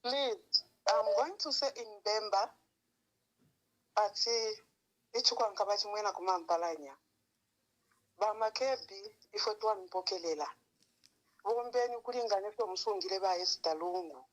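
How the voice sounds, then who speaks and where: A woman's voice: medium pitch, normal speed, pauses often, rough recording. A woman calling in to a political show, speaking in a direct, pleading way. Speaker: caller. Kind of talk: call-in comment to a political show.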